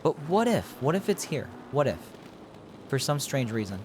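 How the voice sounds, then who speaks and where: Against a noisy background, a man with a mid-range voice and big pitch swings talks at a moderate pace. He's streaming a video game, musing out loud as he plays, rambling casually and chatting with viewers.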